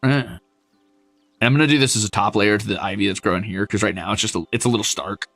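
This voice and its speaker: A man streaming a zoo-building game, chatting casually with his viewers, animated and self-mocking, swearing freely. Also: fairly low pitch, quick pace, faint music behind.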